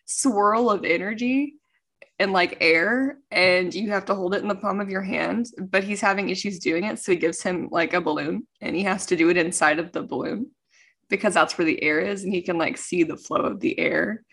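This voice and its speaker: A woman co-hosting a podcast who chats with easy enthusiasm and happily drifts into tangents. Her voice is mid-pitched and conversational. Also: moderate pace, fairly bright tone, husky. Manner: chatty, enthusiastic, goes off on tangents. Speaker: podcast co-host. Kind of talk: casual podcast chat.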